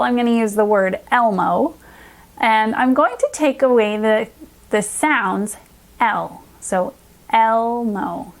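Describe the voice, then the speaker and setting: Encouraging woman teaching phonics to kids. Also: fairly high pitch. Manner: upbeat, encouraging, slow careful sound modeling. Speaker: reading specialist teacher. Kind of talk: children's phonics lesson.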